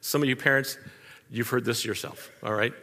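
Older man, pastor, storytelling sermon, bright tone, folksy asides, reverberant church hall. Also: medium pitch, steady tone, normal speed. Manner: conversational, folksy anecdotes with audience asides.

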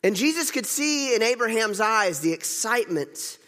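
A man with a slightly high voice preaches a sermon. He tells it in a conversational, animated way and laughs now and then. His voice carries a long reverb. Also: normal speed.

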